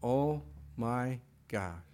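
A middle-aged man preaching a sermon, animated, moving between soft asides and loud emphatic bursts. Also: mid-range voice, very slow. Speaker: pastor.

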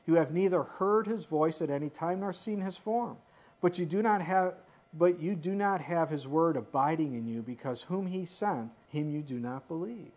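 Male pastor, fairly high voice, emphatic sermon delivery with lively asides; dull lo-fi recording. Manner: emphatic, rises to sudden animated asides. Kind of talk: expository sermon.

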